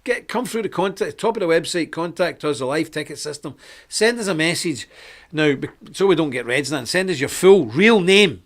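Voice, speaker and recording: A middle-aged man, hosting a live web show in a forceful, preachy way with sudden bursts of emphasis. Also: on the high side, animated, brisk. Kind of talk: live-streamed preaching talk.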